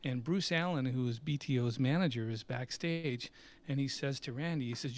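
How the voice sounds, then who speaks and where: Animated middle-aged man telling stories. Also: medium pitch, moderate pace. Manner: animated anecdote-telling, acts out quoted voices, laughs often. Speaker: guest, company CEO and musician. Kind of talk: casual storytelling in a live Q&A.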